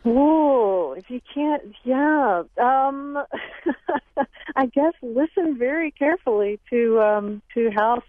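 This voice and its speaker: A woman's voice: sits high, expressive, slow, dry recording. Woman guest on a thin phone line. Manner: thoughtful, hesitant with many ums. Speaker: language expert guest. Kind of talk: call-in radio chat.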